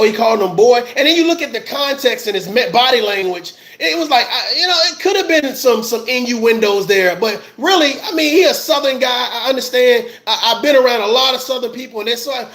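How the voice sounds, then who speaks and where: A man with a strikingly high voice gives fired-up commentary to his viewers. He rants with passion and circles back to the same phrases over and over. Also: expressive, a little fast, hardly any pauses, fairly bright tone. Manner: impassioned ranting with repeated phrases. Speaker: army veteran commentator. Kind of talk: heated livestream commentary.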